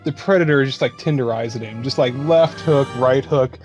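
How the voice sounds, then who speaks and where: A man's voice: mid-range voice, brisk, darkish tone, soft background music. A man chatting casually about a movie, joking and swearing as he reacts. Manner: laughing, profane banter.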